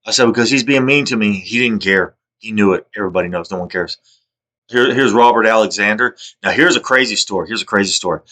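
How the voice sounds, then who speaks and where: Guy with a lowish voice rambling on and on, aggrieved, repeats himself, trails off into mutters. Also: quick pace, sharp tone. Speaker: video monologuist. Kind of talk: rambling personal monologue.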